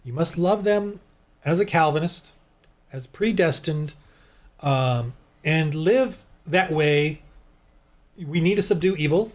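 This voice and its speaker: Man from the US, higher-pitched voice, rambling preachy commentary, heated, lots of restarts. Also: takes it slowly, pauses often. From United States. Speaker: Christian YouTube commentator. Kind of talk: reaction commentary monologue.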